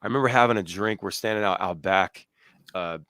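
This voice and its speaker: A man's voice: low-pitched, brisk, fairly bright tone, clean tone, no room sound. A man in his thirties hosting a podcast, rambling through road stories in a casual, swearing way. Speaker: podcast host. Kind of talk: casual chat.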